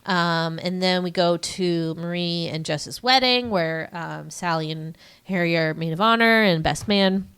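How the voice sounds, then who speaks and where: A woman's voice: fairly low pitch, unhurried, fairly bright tone, clear, resonant tone. A young woman co-hosting a podcast, recapping a film in casual, rambling chat full of fillers. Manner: rambling, filler-heavy retelling with acted quotes. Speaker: podcast co-host.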